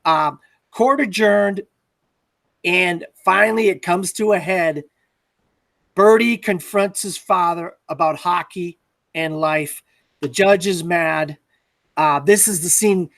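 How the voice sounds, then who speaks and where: A man's voice: sits high, takes it slowly, long pauses, a bit bright, dry recording. A man hosting a casual film discussion podcast, recapping scenes in a hesitant way with many fillers. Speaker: podcast host.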